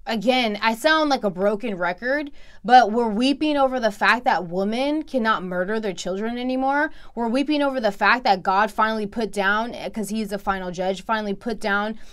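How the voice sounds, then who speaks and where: A woman's voice: on the high side, moderate pace, a bit bright, clear, resonant tone. A woman giving emphatic, preachy commentary in a reaction video, repeating herself for stress.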